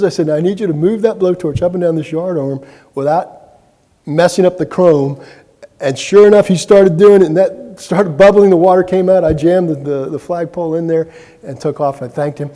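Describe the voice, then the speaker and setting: Gravelly middle-aged man in a reverberant hall. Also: mid-range voice, dark tone. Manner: conversational anecdotes with fillers and restarts. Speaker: keynote speaker. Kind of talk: keynote speech with storytelling. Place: large meeting hall.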